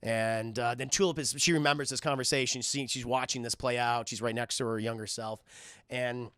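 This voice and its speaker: A man streaming a cartoon review, recapping scenes in a casual, profane way. He sounds animated and keeps talking to his chat. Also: mid-range voice, fairly quick, clean tone, no echo, clean studio sound. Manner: animated, swears a lot, keeps addressing the chat.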